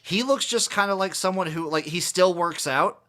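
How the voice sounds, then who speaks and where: Brighter, higher-voiced male podcast co-host. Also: normal speed. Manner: chatty, questioning, loose and joking. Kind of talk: casual chat.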